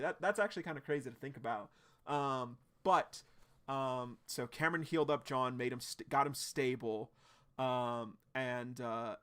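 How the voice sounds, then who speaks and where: A man live-streaming his reaction to a webcomic, recapping it casually with lots of fillers and sudden excited outbursts. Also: medium pitch.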